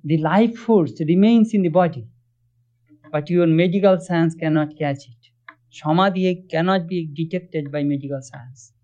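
High-voiced man giving a spiritual talk. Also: darkish tone. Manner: earnest, questions listeners, chants Sanskrit verses quickly. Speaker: spiritual teacher. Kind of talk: religious discourse. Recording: dull lo-fi recording.

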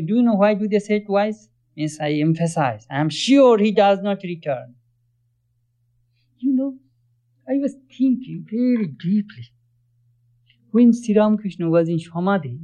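High-voiced man giving a spiritual talk. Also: darkish tone. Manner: earnest, questions listeners, chants Sanskrit verses quickly. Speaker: spiritual teacher. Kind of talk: religious discourse. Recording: dull lo-fi recording.

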